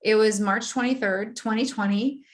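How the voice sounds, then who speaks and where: A woman guest in an interview, telling a personal story in a vivid, animated way and often laughing. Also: mid-range voice, normal speed.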